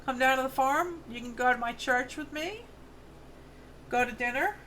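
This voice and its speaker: A woman in her fifties speaks with a New York accent, her voice sitting a little higher than most. She hosts a relaxed craft livestream from her farm home studio and chats with viewers as she works. She rambles warmly through friendly asides, reading comments aloud as she goes. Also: moderate pace, a little hiss or hum. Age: 50s. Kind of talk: casual chat while crafting, answering viewer comments.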